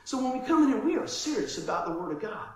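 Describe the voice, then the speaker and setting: Animated high-voiced pastor, echoey hall. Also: male voice, fast talker. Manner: animated storytelling, acts out dialogue, laughs often. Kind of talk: conversational sermon. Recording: very echoey room.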